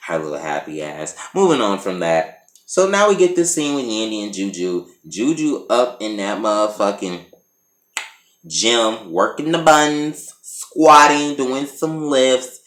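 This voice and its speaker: A man's voice: lowish voice, unhurried. Sassy, foul-mouthed man recapping reality TV. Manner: sassy, profane, animated. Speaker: TV recap vlogger. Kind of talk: casual recap commentary. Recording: roomy echo.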